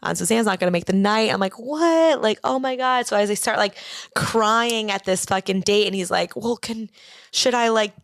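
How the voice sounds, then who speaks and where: A woman's voice: mid-range voice, moderate pace, fairly bright tone, no room sound, clean studio sound. A young adult woman comedian, a podcast guest, telling a long rambling story and acting out the people in it with lots of "like". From Boston area. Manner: rambling, frequent "like", acts out quoted voices. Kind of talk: casual chat, storytelling.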